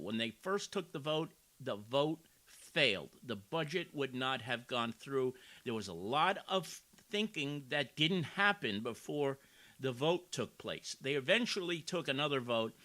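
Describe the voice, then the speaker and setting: Male host, lively and bright-toned, talks through meeting clips with heated, indignant commentary. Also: medium pitch. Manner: animated, gets loud and indignant. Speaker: local news show host. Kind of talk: commentary on a council meeting video.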